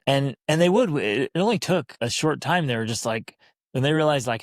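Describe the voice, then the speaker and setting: A man hosting a parenting podcast, telling a story with lively, animated delivery and acting out how he spoke to his child. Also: medium pitch, fast, no echo, studio quality. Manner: animated storytelling, acts out calm talk to a child. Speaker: podcast host. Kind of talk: casual conversational podcast.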